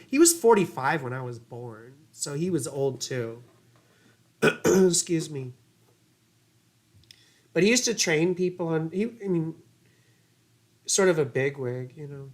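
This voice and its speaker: A woman astrologer giving casual livestream chart readings, rambling and chatty with laughing asides and casual swearing. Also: on the low side.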